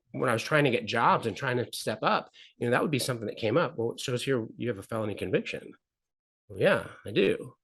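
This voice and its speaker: A middle-aged man appears as a guest on a talk show, earnestly sharing a personal story in a candid interview. He repeats phrases and acts out the people he quotes, his mid-range voice a bit bright with a breathy edge.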